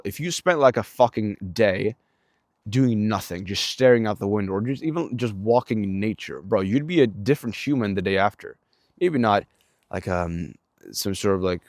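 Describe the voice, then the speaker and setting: A young Swedish-accented man with a deep, low voice rambles through his day in a relaxed vlog. He talks loosely, with lots of fillers, restarts and swearing. The sound is dry and close, with no room around it. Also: dry recording. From Sweden. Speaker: vlogger. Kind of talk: casual vlog monologue.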